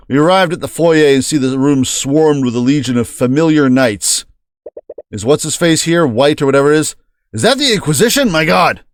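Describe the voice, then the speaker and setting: A man's voice: on the high side, dry recording, clean studio sound. A man streaming a game playthrough, joking and reading the game's text aloud.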